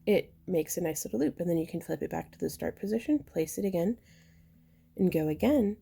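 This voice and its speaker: Chatty woman doing a crafting tutorial, kinda raspy and low, a bit hoarse, lots of ums. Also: lively intonation, a little fast, dark tone. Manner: chatty, explains while working, with fillers and throat clearing. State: slightly losing her voice. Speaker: jewelry-making instructor. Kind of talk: casual tutorial narration.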